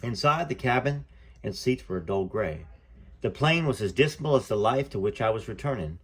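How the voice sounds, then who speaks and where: A man's voice: medium pitch, expressive, normal speed, slightly rough. A man reading a memoir aloud as a channel host, chatty, with fillers and self-corrections. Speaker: book reader and channel host.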